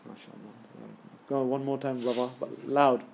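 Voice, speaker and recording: A man's voice: medium pitch, level tone, normal speed, vocal fry, a little hiss or hum. A middle-aged man, casually coaching students on recitation in a class and demonstrating the sounds himself. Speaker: Quran recitation teacher. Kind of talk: live tajweed class coaching.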